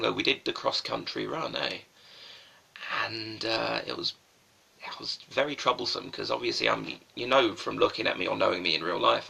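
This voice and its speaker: Rambling, gravelly young man. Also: on the low side, sharp tone. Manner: rambling, swears a lot, self-mocking. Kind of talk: rambling live-stream chat. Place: at home, streaming live.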